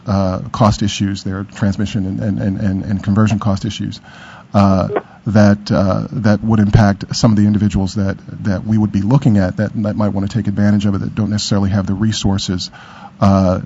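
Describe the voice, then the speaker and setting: A man reporting to a committee meeting, halting often with fillers and restarts. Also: fairly low pitch, level tone, creaky, dark tone, breathy edge, lo-fi sound. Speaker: task force member reporting. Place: meeting room.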